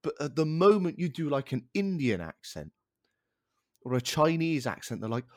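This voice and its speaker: A man sounding off in an exasperated rant, his pitch swinging widely as he gets worked up. He swears casually, and his voice sits dry and close to the mic, with no room around it. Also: sing-song, normal speed, darkish tone, no echo. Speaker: podcast co-host. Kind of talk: casual chat.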